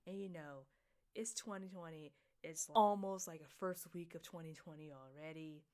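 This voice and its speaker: A young woman hosting her own podcast alone, excited and giggly, rambling and repeating herself in casual chat. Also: sits low, moderate pace, clean tone. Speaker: podcast host.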